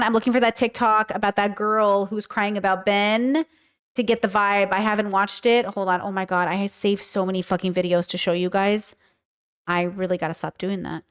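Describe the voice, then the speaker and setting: A woman's voice: mid-range voice, smooth. A woman hosting a casual reaction podcast, chatting with her live viewers while she scrolls and clicks through clips.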